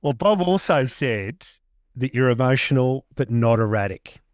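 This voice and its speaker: Male host, 50s, conversational and thoughtful, medium pitch, dry recording. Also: expressive, unhurried, no room sound. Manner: conversational, thoughtful, long-winded questions. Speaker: podcast host. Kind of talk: interview questions.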